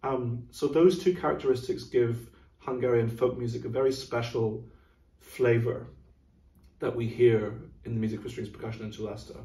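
A man's voice: medium pitch, steady tone, normal speed, dark tone, far from the mic. A middle-aged man, an orchestra's music director, explaining a program in a thoughtful, casual chat. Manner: thoughtful, explanatory, sings rhythms aloud. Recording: roomy, from off mic.

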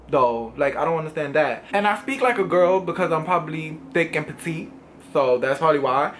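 A young New Yorker with a New York accent reads comments to the camera for his YouTube channel, sounding assertive, sassy, and animated. His voice sits on the high side and moves a little fast, with slight background noise behind it.

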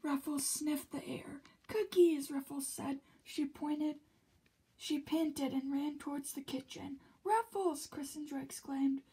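A woman reading a children's picture book aloud, slipping often into a soft whisper between the characters' lines. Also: high voice, completely flat delivery, unhurried, poor audio.

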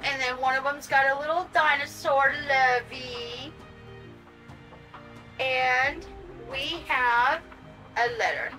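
An older woman, gushing and excitable as she unboxes dolls in a casual vlog and chats to her viewers. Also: high-pitched, poor audio. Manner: gushing, excitable, talks to her audience and pets. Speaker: vlogger unboxing reborn dolls.

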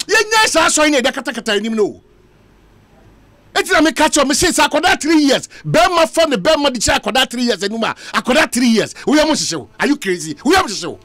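A man's voice: very high-pitched, very animated, fast, a bit bright, dry recording. A Ghanaian man hosting a radio talk show, arguing with passion and switching between Twi and English. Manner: impassioned, ranting, mixing Twi and English. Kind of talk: heated talk radio debate.

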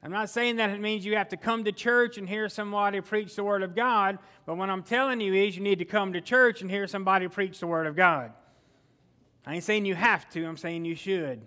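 A man's voice: sits high, a little fast, sharp tone. A man preaching a sermon as pastor, conversational, often asking the congregation questions and answering them himself.

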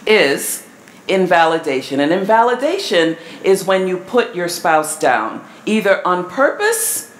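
A woman giving a live seminar talk to an audience, measured and asking the crowd questions. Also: fairly low pitch, sing-song. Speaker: family seminar presenter. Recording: echoey hall with faint room noise.

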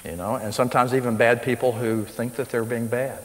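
Here the preacher speaks fairly quickly at a medium pitch, his intonation mostly even, with slight background noise present. Addressing a live crowd in a school hall, he still pushes his stressed points with sharp rises, all under a big hall's long echo.

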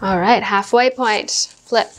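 A woman's voice: mid-range voice, steady tone, takes it slowly. A young woman hosting her own home cooking video, talking casually through each step and chatting while she eats. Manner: chatty, talks while eating.

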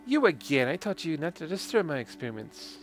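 A man's voice: a little high, sing-song, a little fast, faint music behind, voice pushed up. A man voicing a grumpy old male inventor in a game playthrough, speaking in an indignant, scolding way. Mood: irritated.

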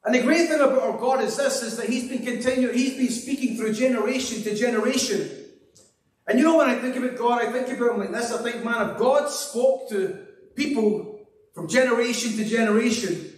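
A man's voice: very high-pitched, fairly quick. A Scottish man preaching a sermon and leading a prayer, with an earnest, repetitive preaching cadence. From Scotland. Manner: drops to a hushed voice in prayer. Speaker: pastor. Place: church hall. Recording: echoey hall, mic at a distance.

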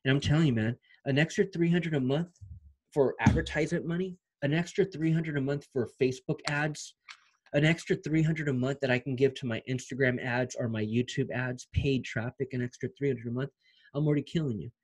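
A young man vlogging about his online side income in an excited, repetitive, slangy pep-talk style. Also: mid-range voice, brisk, husky. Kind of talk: energetic motivational vlog talk.

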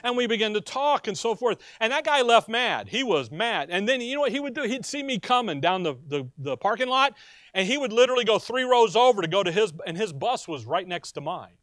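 Briskly and with animation, a male pastor addresses his church congregation, posing questions to them and telling personal stories. His high voice is recorded with studio quality and no echo.

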